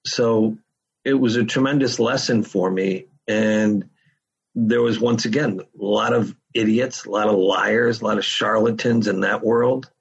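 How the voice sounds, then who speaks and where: Gravelly low-voiced man telling stories. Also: fairly even intonation, normal speed, highs cut off. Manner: candid, swears freely. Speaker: podcast guest. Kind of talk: casual storytelling.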